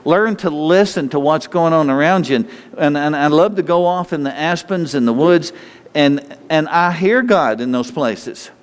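A man's voice: on the high side, moderate pace, clear, resonant tone. A man preaching an informal sermon in a rambling, repetitive way, often restarting his sentences. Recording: long hall reverb.

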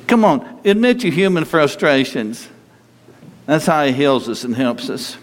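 A man preaching a sermon to a congregation, telling stories in an animated way and moving between loud bursts and quieter stretches. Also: a little high, slow pace. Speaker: pastor. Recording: long hall reverb.

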